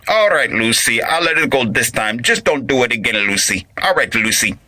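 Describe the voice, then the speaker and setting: A man's voice: medium pitch, sing-song, normal speed, pushed and bright, dry recording. A man playing a patient, exasperated sitcom husband who pleads soothingly and gives in. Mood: placating. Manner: pleading, soothing, repeats her name.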